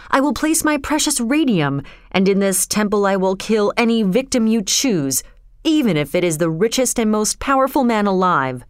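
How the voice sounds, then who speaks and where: A woman doing a loud, arrogant rich man. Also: medium pitch, smooth, dry recording, clean studio sound, close to an everyday voice. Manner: loud, commanding, condescending. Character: arrogant wealthy man bargaining with God.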